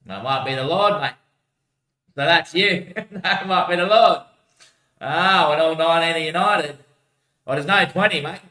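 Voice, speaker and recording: Sharp-voiced rambling man in an echoey room. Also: on the high side, unhurried, pauses often. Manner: rambling, slangy, swears often, calls everyone mate. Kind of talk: casual rambling livestream chat.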